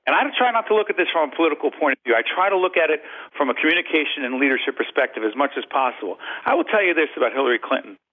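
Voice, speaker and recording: A man's voice: a little high, lively intonation, racing, hardly any pauses. A man talking as a radio interview guest about leadership, emphatic and driving his points home by repeating phrases. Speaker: guest, leadership and communication author. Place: call-in to satellite radio show. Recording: phone-line quality.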